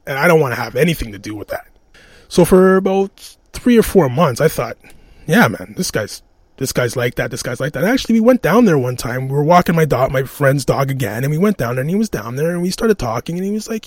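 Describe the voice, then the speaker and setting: A man's voice: medium pitch, dry recording. A man talks into a close, dry podcast mic, chatting loosely as he tells a story. His voice sits in a middle range, and he laughs often and restarts his sentences as he goes. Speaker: podcast host. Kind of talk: casual storytelling monologue.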